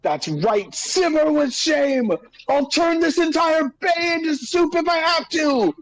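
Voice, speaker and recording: A man voicing a hot-tempered fire-born character who rants and shouts in theatrical rage. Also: very high voice, lively intonation, slow, soft background music, pitched above the performer's own voice, heavily acted, low-quality recording. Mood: furious shouting.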